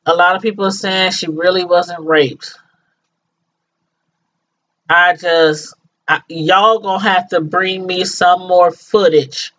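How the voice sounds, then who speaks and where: A woman's voice: lowish voice, steady tone, takes it slowly, long pauses, a bit bright. Middle-aged woman vlogger, emphatic, talks straight to viewers, slangy, repeats herself, lo-fi dull sound. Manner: emphatic, repeats phrases for effect; addresses viewers directly, informal slang. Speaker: vlogger commenting on news. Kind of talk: casual commentary to viewers.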